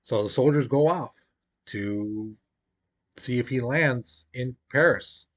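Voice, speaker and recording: A man's voice: medium pitch, moderate pace. A man teaching a history lesson in a casual, chatty way, full of "you know" and "basically", acting out quotes in playful voices.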